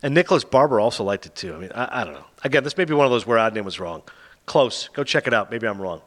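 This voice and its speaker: This man hosts a podcast where he reviews movies, chatting casually and recounting storylines with sarcastic animation. His delivery is rapid, with big swings in pitch.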